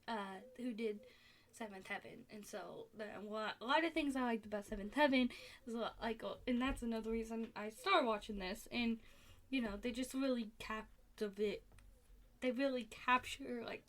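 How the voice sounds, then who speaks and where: Woman, fairly high voice, casual rambling chat, exasperated, lots of fillers, home recording. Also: a bit bright. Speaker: podcast host reviewing a TV show.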